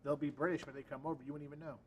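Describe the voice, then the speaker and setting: A man co-hosting a casual chat, talking quickly and using lots of filler words. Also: a little high, little pitch movement, a little mellow, breathy edge, far from the mic, rough recording. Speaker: co-host.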